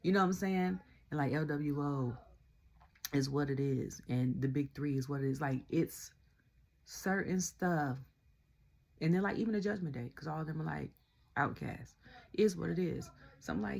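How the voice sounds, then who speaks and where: Husky low-voiced woman ranting casually. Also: normal speed. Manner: laughs often, animated retelling with quoted voices. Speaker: wrestling show reviewer.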